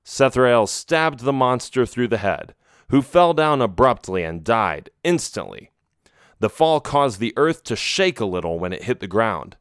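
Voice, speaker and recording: A man reading a children's adventure audiobook in a steady, measured way. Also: medium pitch, clear, resonant tone, dry recording, studio quality. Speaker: audiobook narrator. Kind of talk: storybook narration.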